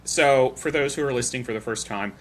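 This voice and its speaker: A man's voice: medium pitch, brisk, slight background noise. A man hosting a podcast, telling stories in a chatty, rambling way. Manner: chatty storyteller, loose and rambling. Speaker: podcast host. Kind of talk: casual chat.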